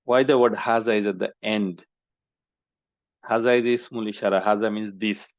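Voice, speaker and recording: Gravelly male teacher, patient, keeps checking understanding; dull dry lo-fi mic. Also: on the low side, steady tone, moderate pace, dry recording. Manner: explains patiently, many "okay?" checks. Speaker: Quranic Arabic teacher. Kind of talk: online class lecture.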